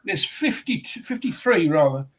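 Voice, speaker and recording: English guest, husky, rambling storyteller, hesitant. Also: male voice, high-pitched, sing-song, measured pace, rough recording. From England. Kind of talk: casual chat.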